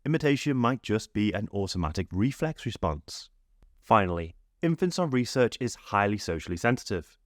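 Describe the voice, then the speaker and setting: A man, narrating a scripted psychology lesson in a clear, steady, explanatory way. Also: fairly low pitch, moderate pace, no echo, clean studio sound. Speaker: psychology teacher.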